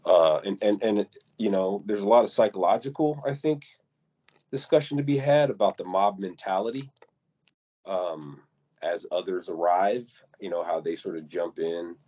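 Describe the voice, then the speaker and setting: A man co-hosting a casual podcast, talking in an animated way, acting out quoted voices and repeating words as he goes. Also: low-pitched, moderate pace, dull audio. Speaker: podcast co-host.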